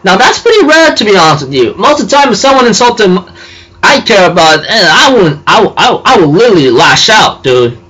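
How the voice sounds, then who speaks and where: A man recaps an anime episode in a loose, rambling way, stopping to correct himself. His voice is high and bright, with lots of ums and likes. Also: big pitch swings, a little fast, slightly rough, rough recording. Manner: rambling, filler-heavy, self-correcting. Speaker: anime reviewer.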